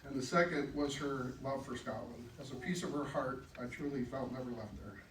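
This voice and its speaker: A man reading a prepared remembrance of his mother at her memorial, measured and steady. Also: medium pitch, background noise. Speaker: son giving a remembrance. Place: funeral home chapel. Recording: echoey room, distant mic, faint ambience.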